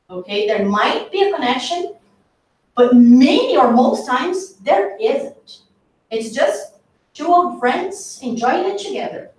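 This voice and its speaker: Woman workshop speaker, high voice, slow and conversational, recorded from a distance in an echoey hall. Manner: unhurried, conversational, with fillers and self-corrections. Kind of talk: retelling a book story in a talk. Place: meeting hall.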